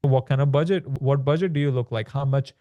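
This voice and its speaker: A man's voice: medium pitch, a little fast, dark tone, dry recording. A man, a guest entrepreneur, explaining his sales principles in a casual interview, talking loosely with fillers and restarts. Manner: conversational, many fillers and restarts.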